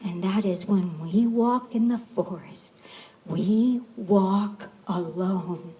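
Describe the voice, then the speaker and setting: Slow, dramatic woman storyteller. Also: mid-range voice, fairly even intonation, warm tone, slight background noise, rough recording. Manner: slow, dramatic, drops to a whisper. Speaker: storyteller at a rally. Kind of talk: oral storytelling, fable.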